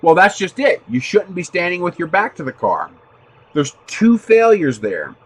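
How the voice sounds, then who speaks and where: A man hosting a casual livestream, his voice sitting a bit high and swinging widely in pitch. He tells loose, profane stories and laughs easily between remarks. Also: big pitch swings, moderate pace, slightly rough. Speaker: host of a 3D printing livestream. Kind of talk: casual livestream chat answering viewers.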